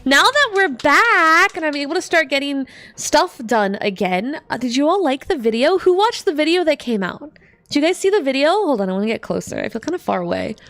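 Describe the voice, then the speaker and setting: A woman's voice: high-pitched, sing-song, brisk, a bit bright, no echo. A woman streamer chatting casually while gaming, bubbly and talkative, reading viewers' messages aloud and laughing often.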